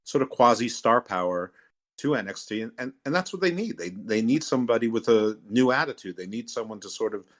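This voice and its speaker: This podcast host has a medium-pitched, expressive voice and a brisk pace. Chatting casually about wrestling, he rambles with plenty of fillers and false starts.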